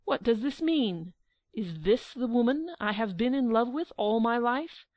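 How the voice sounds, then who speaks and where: A woman's voice: mid-range voice, very animated, slow pace, no room sound. A woman reading an audiobook and voicing an indignant young prince who mocks his sweetheart. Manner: mocking, laughing and indignant.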